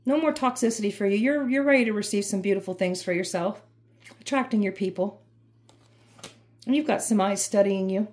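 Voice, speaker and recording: A woman's voice: mid-range voice, brisk, darkish tone. A woman giving an emphatic, repetitive, fired-up tarot reading. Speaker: tarot reader.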